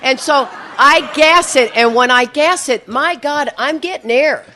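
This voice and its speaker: Lively laughing woman telling a story. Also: sits high, measured pace, a little hiss or hum. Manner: lively, laughing, acts out voices in her story. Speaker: recovery meeting speaker. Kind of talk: storytelling talk to an audience.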